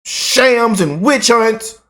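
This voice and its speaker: A man hosting his own channel, ranting in animated, repetitive, emphatic political commentary. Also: extremely high pitch, drawn-out words.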